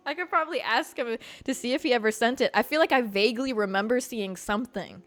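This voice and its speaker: A young woman hosting a podcast, rambling frankly through a personal story, laughing often, and she says she is high. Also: quick pace, a bit bright, no room sound, faint music behind. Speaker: podcast host. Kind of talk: casual confessional chat.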